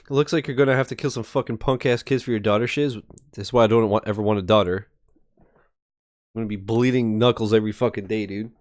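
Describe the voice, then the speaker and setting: A man's voice: lowish voice, fairly even intonation, fast talker, dry recording, clean studio sound. A man casually joking and swearing as he plays through a game. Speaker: gamer host. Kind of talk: let's play commentary.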